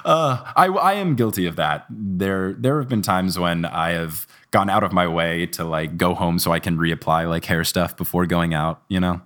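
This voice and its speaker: A man's voice: low-pitched, moderate pace, few pauses, a bit bright. A man hosting a podcast, chatting casually, retelling scenes with lots of laughter and casual swearing. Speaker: podcast host. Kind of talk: casual chat.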